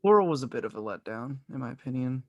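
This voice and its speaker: A man in casual podcast talk, gushing about a film with loose, rambling sentences and plenty of swearing. His voice sits at an average pitch, recorded close and dry with no room sound. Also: expressive, quick pace, a little mellow, dry recording, lo-fi sound. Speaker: podcast co-host. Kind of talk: casual movie review chat.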